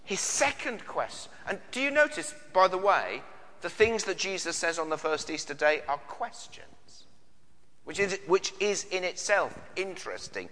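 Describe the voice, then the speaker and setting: British man, preacher, earnest sermon, bright tone, long church reverb. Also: high voice, sing-song, moderate pace. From Britain. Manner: earnest, repeats words often, rhetorical questions.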